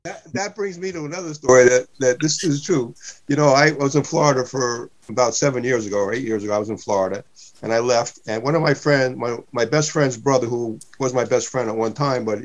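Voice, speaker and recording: A man tells rambling stories in casual chat, circling back and repeating himself. His voice sits at an ordinary pitch. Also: brisk, low-quality recording. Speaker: comedian guest.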